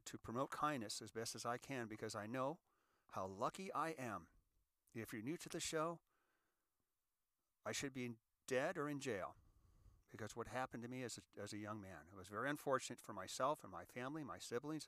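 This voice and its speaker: A man's voice: mid-range voice, animated, normal speed, long pauses, sharp tone, dry recording, clean studio sound. A man in his sixties hosting a show, talking casually to listeners in a folksy way, often repeating words as he gives advice. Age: 60s. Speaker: show host.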